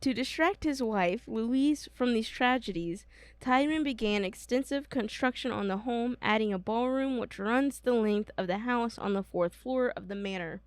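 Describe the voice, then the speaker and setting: A woman's voice: a little high, moderate pace, clean tone, no echo. A young woman co-hosting a casual podcast, reading history notes, giggly and stumbling over names. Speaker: podcast co-host.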